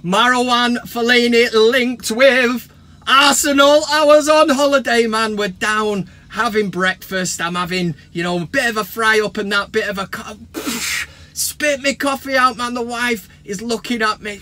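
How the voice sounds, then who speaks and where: An English man hosting a football fan vlog, talking to camera in an animated, sarcastic rant and swearing freely. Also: very high-pitched, unhurried.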